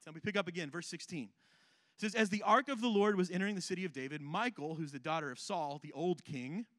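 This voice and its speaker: High-voiced male pastor, chatty and joking. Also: fairly bright tone, no room sound. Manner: conversational and humorous, often checking in with "right?". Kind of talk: sermon.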